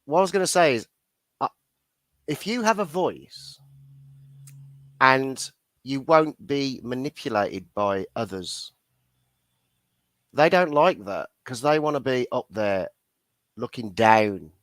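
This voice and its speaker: A man's voice: medium pitch, expressive, slow pace, pauses often, fairly bright tone, dry recording. A man hosting a casual livestream chat, blunt and full of swearing, laughing often. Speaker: livestream host.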